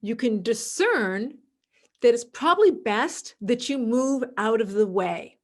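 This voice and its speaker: Woman, podcast host, high-pitched, calm explanatory talk, solo podcast. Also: takes it slowly. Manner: acts out quoted voices in a dramatic, excited tone; calm, explanatory, repeats key words.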